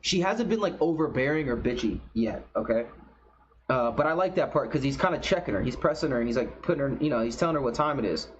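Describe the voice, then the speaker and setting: A man's voice: medium pitch, lively intonation, fast, slight background noise. Blunt, profane man with a muffled sound. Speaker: gaming commentator. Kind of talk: casual reaction commentary. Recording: slightly dull recording.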